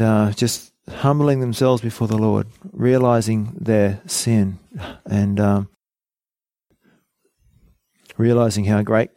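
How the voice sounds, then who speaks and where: A man's voice: on the low side, warm tone, no echo, studio quality. A man preaching a Bible teaching, reading scripture aloud and explaining it plainly with small fillers.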